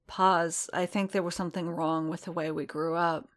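A woman voicing a conflicted male armored warrior in a storybook reading, speaking in a subdued, measured way. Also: fairly low pitch, level tone, close to an everyday voice. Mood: weary, earnest.

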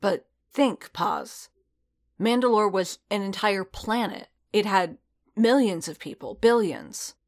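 Weary male bounty hunter read by a woman, unhurried and earnest. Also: mid-range voice, voice pushed up, natural voice. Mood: sharp.

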